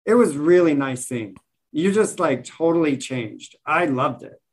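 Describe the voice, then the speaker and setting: A man's voice: on the high side, lively intonation, a little slow, husky. A young man hosting a podcast, gushing with enthusiasm in casual chat. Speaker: podcast host.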